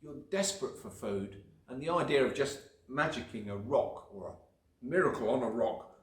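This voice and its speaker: A man of middle pitch tells children a Bible story in an easy, questioning way. His voice carries a noticeable room echo. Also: expressive, normal speed. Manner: gentle, questioning, explaining. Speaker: church children's leader. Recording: echoey room.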